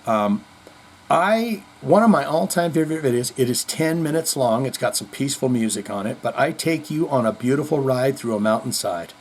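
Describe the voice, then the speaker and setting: A man's voice: medium pitch, a little hiss or hum. A male show host telling jokes and rambling through a casual, profane comedy monologue. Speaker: podcast host.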